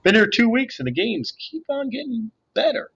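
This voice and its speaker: A man's voice: extremely high pitch, very animated, moderate pace, a bit bright, husky, dull audio, pitched above the performer's own voice, full character voice. A man voicing a laid-back 1970s teen boy with drawling slang in an audiobook reading.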